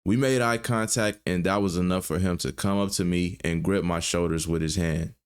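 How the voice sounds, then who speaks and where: A man's voice: sits low, fairly even intonation, normal speed, clear, resonant tone. A man hosting an online commentary video, steadily narrating a recap of a news story. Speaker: YouTube commentary host.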